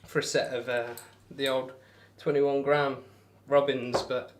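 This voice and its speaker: With a medium-pitched, flat, unhurried voice, a young adult darts livestreamer chats casually while throwing. He rambles, makes self-deprecating jokes, and reads and responds to messages from chat.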